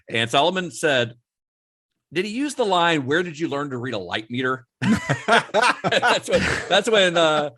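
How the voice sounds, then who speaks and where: A man's voice: medium pitch, sharp tone, no echo, clean studio sound. A man hosting a podcast, telling a film story in a casual, rambling way with many fillers and laughs. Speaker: podcast host.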